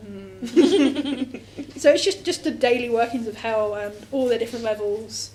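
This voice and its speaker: A woman with a fairly high voice chats about anime with friends. She slips into the characters' lines as she retells scenes, over faint room noise. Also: unhurried, a little mellow, poor audio. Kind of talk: casual anime review chat.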